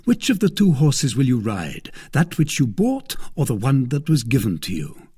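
A man's voice: medium pitch, huge pitch swings, normal speed, dark tone, husky, pitched above the performer's own voice, heavily acted. A man voicing a daring, eager young swordsman who speaks decisively. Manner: decisive, spirited.

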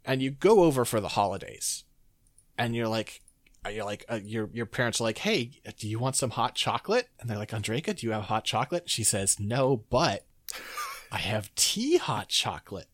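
A man's voice: medium pitch, a little fast. A man co-hosting a podcast, telling rambling stories in a casual chat with lots of fillers. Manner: rambling, animated storytelling with many fillers. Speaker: podcast co-host.

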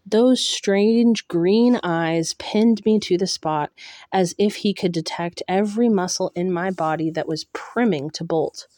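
Slow, dark-voiced woman reading a novel. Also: fairly low pitch, no room sound, studio quality. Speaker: audiobook reader. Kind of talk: first-person novel reading.

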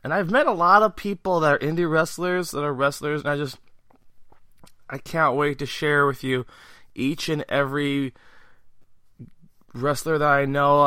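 A man's voice: a little high, sharp tone, clear, resonant tone, no room sound, studio quality. A man hosting a wrestling podcast, chatting eagerly and reading out event listings in a rambling, enthusiastic way. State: out of breath. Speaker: podcast host. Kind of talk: casual podcast interview and event rundown.

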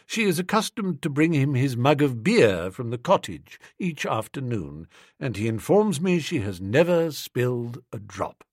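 A man voicing a dignified valet who speaks in a measured, formal, polite manner. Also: mid-range voice, sing-song, no room sound, studio quality. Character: deferential, composed male valet, dignified.

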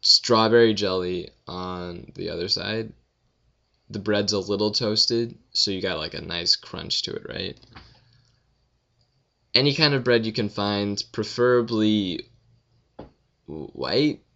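A young man answers viewer questions in a loose, rambling vlog, sounding tired and unbothered. His voice sits low with a gravelly fry, yet it keeps a bright edge. The recording is dull and lo-fi. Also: slow pace, long pauses. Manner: rambling, offhand, swears and yawns, tired. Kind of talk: casual Q&A vlog.

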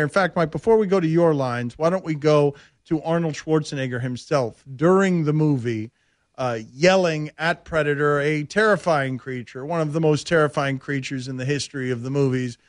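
A man hosting a sports radio show, telling stories with animated banter and frequent laughs. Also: on the high side, no room sound, studio quality. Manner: animated storytelling, laughs often. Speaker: radio host.

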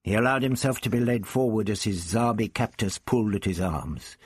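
A man reading a story aloud with expressive, dramatic narration. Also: on the low side, normal speed, slightly rough, dry recording, clean studio sound. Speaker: audiobook reader. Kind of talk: scripted narration.

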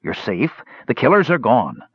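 A man voicing a big, kindly young warrior who asks gentle, puzzled questions. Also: medium pitch, wildly swooping pitch, moderate pace, breathy edge, no room sound, voice pushed up, exaggerated voice. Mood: puzzled, soothing. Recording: dull lo-fi recording.

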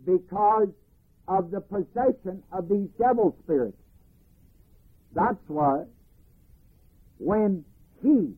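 Man teaching a bible class, high voice, slow, husky, tinny old recording. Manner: deliberate verse-by-verse exposition. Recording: tinny archival phone-band recording.

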